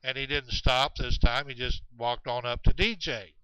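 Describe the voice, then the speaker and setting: A man telling a long story about hunters in the woods, halting often with fillers and restarts. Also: medium pitch, sharp tone, clear, resonant tone, no echo. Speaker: storyteller of Bigfoot encounters. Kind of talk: rambling spoken storytelling. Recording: dull, muffled recording.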